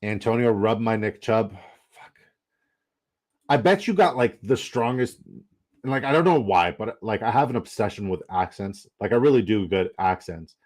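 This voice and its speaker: A young man hosting a casual livestream, excitable, rambling and profane as he chats with viewers. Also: fairly low pitch, normal speed. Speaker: livestream host.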